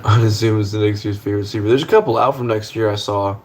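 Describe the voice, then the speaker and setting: Young man with a lowish voice, laid-back livestream host rambling from his kitchen stove, casual swearing, faint background hum. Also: rapid-fire.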